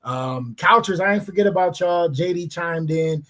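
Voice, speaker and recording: A man's voice: high voice, moderate pace, a bit bright. A young man hosting a podcast, talking in a laid-back, slangy way and reading out viewer comments. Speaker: podcast host. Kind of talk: casual chat.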